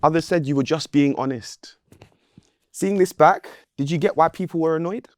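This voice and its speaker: A man's voice: fairly high pitch, moderate pace, dry recording, studio quality. A man hosting a chat as a mock judge, teasing his guests and calling for order. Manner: teasing, dramatic shouts of order. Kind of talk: playful mock-courtroom chat.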